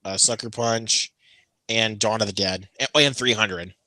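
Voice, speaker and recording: A man co-hosting a casual chat, telling a story with animated delivery and acting out the people he quotes with big jumps in pitch. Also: normal speed, no room sound.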